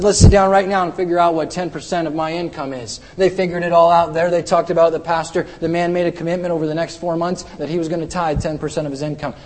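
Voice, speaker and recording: A man's voice: high-pitched, a little mellow. A man preaching a sermon, driving points home with repeated rhetorical questions and reading scripture aloud. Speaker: pastor.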